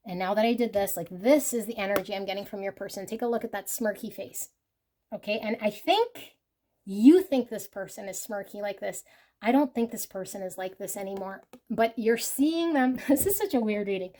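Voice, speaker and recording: A woman's voice: mid-range voice, moderate pace, darkish tone. A woman giving a casual pick-a-card tarot reading, rambling and full of filler words, sometimes laughing and swearing. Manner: rambling, with lots of "like" and "you know". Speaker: tarot reader.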